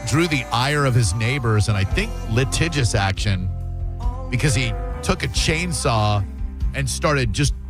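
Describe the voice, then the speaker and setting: A man's voice: mid-range voice, lively intonation, unhurried, music in the background. A man hosting a radio show, riffing animatedly in comedic studio banter. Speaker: radio host. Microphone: studio microphone.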